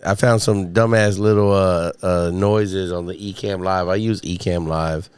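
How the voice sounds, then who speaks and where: Low-voiced man, hoarse from a cold. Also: fairly even intonation, a little slow, no echo. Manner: rambling, profane, chatting to viewers. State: recovering voice after illness. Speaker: podcast host. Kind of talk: casual solo livestream chat. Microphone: studio mic with podcast mixer.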